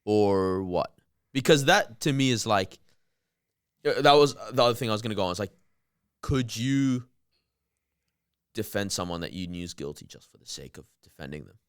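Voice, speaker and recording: A man's voice: fairly low pitch, lively intonation, moderate pace, pauses often, clean tone, no room sound, clean studio sound. A man co-hosting a podcast in casual chat, telling a story in a laid-back way. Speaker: podcast co-host.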